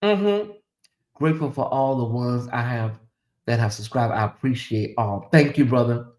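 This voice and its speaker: A middle-aged man hosting a casual livestream, talking straight to his chat in an animated, teasing way. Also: mid-range voice, moderate pace. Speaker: livestream host. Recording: echoey room.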